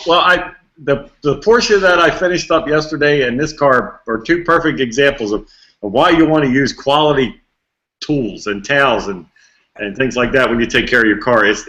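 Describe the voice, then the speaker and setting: A man, a car detailer, giving a tip on a talk show, measured with some stumbles. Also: medium pitch, fairly bright tone. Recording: dull lo-fi sound.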